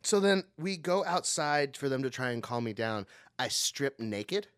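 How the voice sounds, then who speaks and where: Animated laughing man telling stories. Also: mid-range voice, a little slow, dry recording. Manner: animated, laughing often, acts out voices in stories. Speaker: podcast co-host. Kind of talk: casual storytelling chat.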